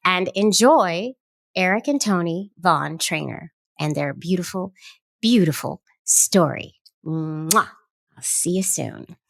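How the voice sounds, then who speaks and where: A woman hosting a podcast, bubbly and effusive, chatting warmly with guests and listeners. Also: on the low side, expressive, slow pace, creaky, dry recording, clean studio sound. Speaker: podcast host.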